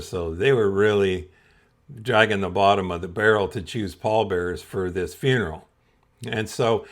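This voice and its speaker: A man hosting a podcast and telling a comedic personal story, chuckling often as he goes. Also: on the low side. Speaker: podcast host.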